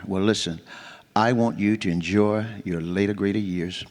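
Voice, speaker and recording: A man, a church member giving an earnest, halting tribute with many pauses. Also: lowish voice. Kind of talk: informal tribute speech. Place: church hall. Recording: long hall reverb.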